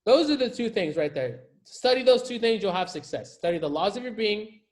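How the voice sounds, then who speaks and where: A man's voice: sits high, lively intonation, a little fast, darkish tone. A man coaching viewers in a casual motivational talk to camera, emphatic and slangy, often repeating his key phrases for effect. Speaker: life coach.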